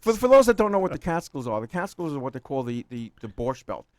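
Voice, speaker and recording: A man's voice: a little high, sing-song, quick pace, darkish tone. A man in his sixties from New York City with a New York accent, rambling as a guest in a casual chat, laughing often and repeating words.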